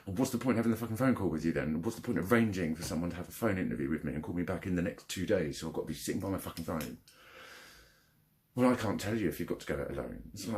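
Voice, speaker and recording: A man's voice: sits low, darkish tone, slight background noise. A young man venting angrily in a personal vlog, swearing heavily and retelling a frustrating phone call. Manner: angry, frustrated, heavy swearing. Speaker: vlogger. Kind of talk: ranting vlog.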